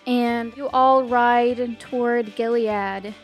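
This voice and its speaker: A woman running a tabletop role-playing game as game master, narrating in a casual, halting way with frequent restarts. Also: on the high side, fairly even intonation, faint music behind.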